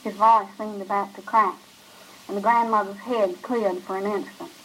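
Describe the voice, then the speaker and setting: A woman narrating a short story in a measured, even voice. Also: mid-range voice, slight background noise, low-quality recording. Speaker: reader.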